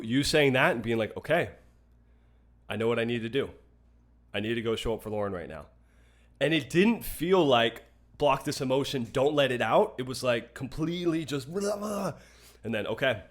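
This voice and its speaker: A young man on a podcast recounts a personal story with earnest, open feeling, often backing up to restart a thought. His voice sits at a middle pitch for a man. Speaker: podcast co-host. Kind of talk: casual podcast conversation.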